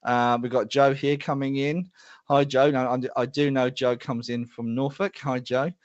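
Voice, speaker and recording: A man's voice: medium pitch, little pitch movement, normal speed, dry recording, muffled recording. A middle-aged man hosting a live show, chatty and self-deprecating as he greets viewers by name. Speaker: host.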